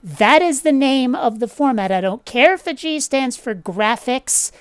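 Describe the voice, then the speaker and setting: A woman's voice: sits high, expressive, measured pace, clean tone, no echo, clean studio sound. A woman hosting a casual vlog, blunt and opinionated, swearing offhandedly as she talks. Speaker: channel host.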